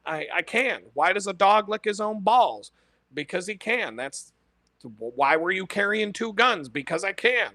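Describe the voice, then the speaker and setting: A man's voice: high-pitched, sharp tone, no room sound. A man telling blunt stories in a casual monologue, swearing constantly and laughing at his own punchlines. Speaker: podcast host. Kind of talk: casual profane storytelling monologue.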